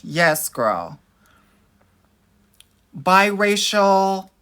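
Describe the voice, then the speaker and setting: A man's voice: high-pitched, fairly bright tone. A young man hosting a casual livestream as a dating coach, sassy and playful, calling his viewers honey and girl.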